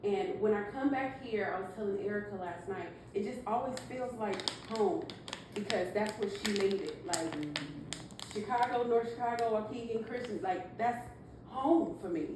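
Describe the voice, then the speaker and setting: Woman, earnest and halting family tribute, distant mic, noisy hall. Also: medium pitch. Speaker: granddaughter giving a tribute. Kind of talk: heartfelt family speech. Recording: echoey room, mic far off, noisy.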